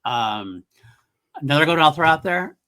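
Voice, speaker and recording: Bright-voiced man co-hosting a podcast. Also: a little high, moderate pace. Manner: animated, laughs often, talks in restarts. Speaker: podcast co-host. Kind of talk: casual chat.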